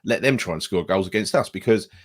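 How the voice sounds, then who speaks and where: A man, co-hosting a casual football chat, blunt and quick and often asking for agreement. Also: low voice, expressive. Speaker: fan co-host.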